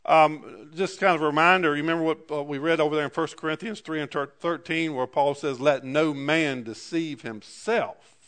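A man preaching a sermon in a halting way, often repeating words and asking the congregation for an amen. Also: a little high, fairly bright tone.

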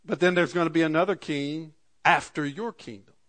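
Man preaching a sermon, rising and slowing. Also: fairly bright tone. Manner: slows and rises for scripture readings, drops low for asides; archaic scripture readings, repeated "Amen". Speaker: pastor.

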